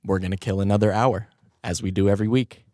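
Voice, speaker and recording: This podcast host talks fast in a lowish voice, spinning a story from his home studio with constant swearing and laughter. He sounds casual and animated, and the recording is dry.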